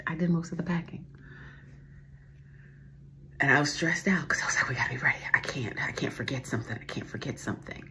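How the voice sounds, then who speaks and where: A woman's voice: lowish voice, gravelly, a little mellow, slight background noise. A woman in her forties hosting a podcast, rambling through a heartfelt personal monologue and dropping to a whisper at tender moments. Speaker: podcast host.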